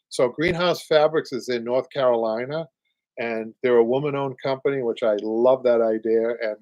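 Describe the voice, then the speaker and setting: A chatty Boston man who works as an upholsterer hosts a live show, rambling casually with many fillers and frequent chuckles. His voice is medium in pitch, with no room sound.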